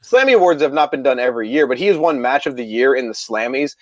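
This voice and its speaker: A man's voice: medium pitch, expressive, fast talker, lo-fi sound. A man co-hosting a podcast, chatting casually and hedging with lots of "like". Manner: chatty, hedging with many likes. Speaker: podcast co-host.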